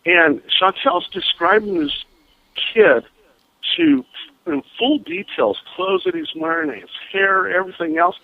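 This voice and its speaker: Phone-in guest: excitable man, a bit high-pitched, very dry, tinny line. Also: measured pace, dry recording. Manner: animated, laughing, excitable storyteller. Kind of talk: phone-in storytelling.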